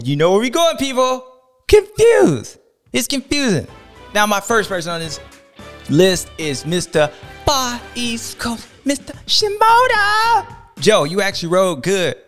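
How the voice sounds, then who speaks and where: Animated man hosting a sports show. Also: fairly high pitch. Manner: animated and playful, drawls and shouts words. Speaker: podcast host. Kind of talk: casual sports chat.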